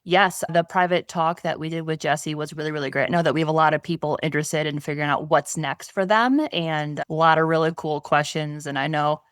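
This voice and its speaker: A woman's voice: low voice, steady tone, brisk, hardly any pauses, clear, resonant tone, dry recording, clean studio sound. A woman, a business owner, talking as a podcast guest in an upbeat, enthusiastic way. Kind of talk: casual conversation.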